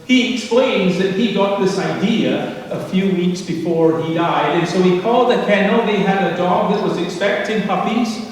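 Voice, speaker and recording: A man's voice: high voice, normal speed, few pauses. Man preaching in an echoey church. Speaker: pastor. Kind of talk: sermon. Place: church sanctuary. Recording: echoey sanctuary from a distance.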